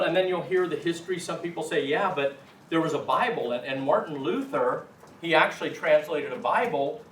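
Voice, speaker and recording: This language teacher's voice sits on the high side and sounds a bit bright as he lectures his class in a chatty, emphatic way. The classroom audio is echoey from a distant mic, carrying a little hiss or hum.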